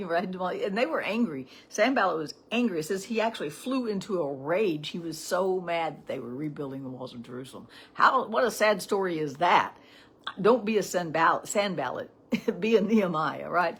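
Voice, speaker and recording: Middle-aged woman, lowish husky voice, chatty devotional teacher who keeps checking in with "right?". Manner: chatty, with frequent "right?" asides. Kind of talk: casual morning devotional talk.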